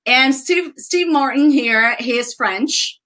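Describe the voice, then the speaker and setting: A woman's voice: high-pitched, takes it slowly, pushed and bright. A woman with a Brazilian Portuguese accent teaching an online English grammar lesson, chatty and enthusiastic. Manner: chatty, enthusiastic, addresses students as guys.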